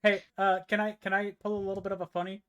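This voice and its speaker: A tabletop player who talks in a playful, halting way, with many fillers. The tone is casual and joking. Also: medium pitch, flat delivery, a bit bright. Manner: hesitant, playful, laughs a lot.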